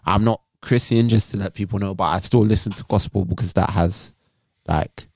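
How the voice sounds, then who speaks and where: Gravelly man in casual chat. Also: low voice, moderate pace, no echo. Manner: animated, playful, slangy. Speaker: podcast co-host.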